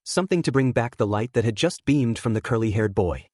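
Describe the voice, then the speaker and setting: A man narrating a fan fiction story aloud in a steady, even storytelling manner. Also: medium pitch, fairly quick, no echo, studio quality. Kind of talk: audiobook reading of fan fiction.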